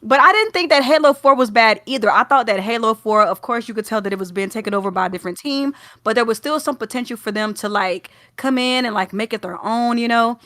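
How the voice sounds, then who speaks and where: Chatty young woman, slightly high voice. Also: fast talker, few pauses, a bit bright, no echo, clean studio sound. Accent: Southern US. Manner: chatty, rambling, many fillers and restarts. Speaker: podcast co-host. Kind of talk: casual gaming podcast chat.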